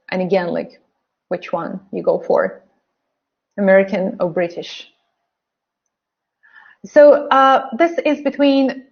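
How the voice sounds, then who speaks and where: A woman teaching English pronunciation in an online webinar, drilling phrases slowly by repeating them. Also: medium pitch, lo-fi sound. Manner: slow, drilling phrases by repetition.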